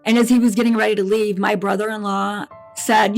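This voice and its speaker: A middle-aged woman telling a painful personal story in a podcast interview, halting and emotional, with restarts and repetition. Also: medium pitch, little pitch movement, gravelly, soft background music. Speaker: bereaved mother guest.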